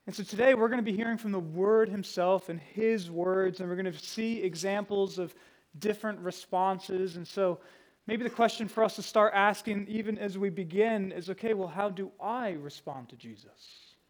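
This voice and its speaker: A man's voice: high voice, normal speed, rough recording. A man preaching a sermon to a congregation, teaching verse by verse and laying out a plain outline. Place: room with a congregation.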